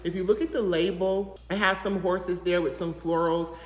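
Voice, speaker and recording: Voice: medium pitch, steady tone, normal speed. A fragrance reviewer from the American South, talking casually to camera in a gushing, chatty way full of fillers. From Southern United States. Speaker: fragrance reviewer, channel host. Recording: echoey room with long reverb.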